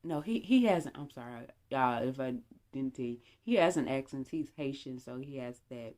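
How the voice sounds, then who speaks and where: Chatty young woman with a deep-ish voice doing a storytime vlog, acts out the back and forth. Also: normal speed. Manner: animated, chatty, acts out dialogue. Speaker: storytime vlogger. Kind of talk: casual storytime.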